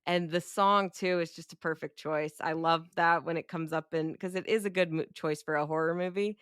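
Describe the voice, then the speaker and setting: Swearing, chatty woman co-host, low voice. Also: fairly even intonation, normal speed, a bit bright, clear, resonant tone, no room sound, clean studio sound. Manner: chatty, swears freely, acts out characters' lines. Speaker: podcast co-host. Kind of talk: casual movie review chat.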